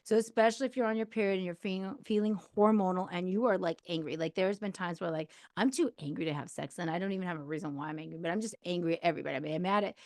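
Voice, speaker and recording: A woman's voice: on the low side, very fast, hardly any pauses, darkish tone, no room sound. Woman in her 30s doing a chatty advice podcast, candid and rambly, dry close sound. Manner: candid, chatty, frequent fillers. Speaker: podcast host. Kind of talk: casual advice monologue.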